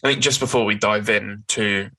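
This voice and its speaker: A man's voice: on the low side, steady tone, normal speed, pushed and bright, rough recording. A man hosting a casual podcast, recapping comic plots in a rambling way with many ums and sort-ofs.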